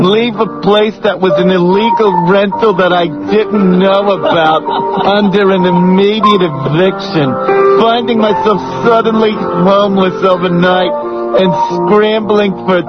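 Aggrieved letter-writer, slow and earnest, read by a man, mock drama on dull radio. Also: high-pitched, voice pushed up. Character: weepy aggrieved woman reading her own letter.

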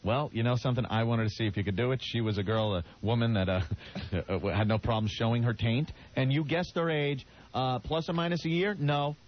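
A man's voice: medium pitch, fairly quick. A man co-hosting a radio comedy show, teasing and wisecracking in casual banter. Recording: dull lo-fi radio broadcast.

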